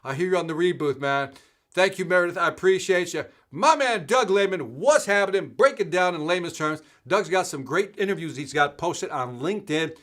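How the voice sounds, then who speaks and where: A middle-aged man hosts a live sales stream with lively, casual energy, greeting viewers one by one. His voice sits a little high for a man and sounds bright and forward. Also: moderate pace. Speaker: host of a live sales show.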